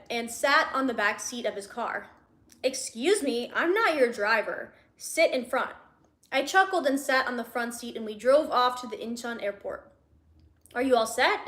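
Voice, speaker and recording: A young woman livestreaming from home, reading fan fiction aloud and breaking off to laugh and make sarcastic remarks. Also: on the high side. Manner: laughs often, mocking asides. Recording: echoey room.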